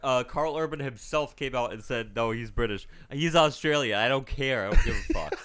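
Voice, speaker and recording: A young man co-hosting a casual podcast chat, teasing the others with deadpan jabs. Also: mid-range voice, moderate pace. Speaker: podcast co-host.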